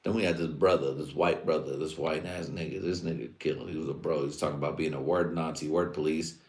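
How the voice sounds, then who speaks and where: A man's voice: a bass voice, steady tone, fast talker, a little mellow. A man hosting a livestream, talking in a loose, rambling, profane and streetwise way. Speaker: livestream host. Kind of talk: casual rambling monologue. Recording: roomy echo.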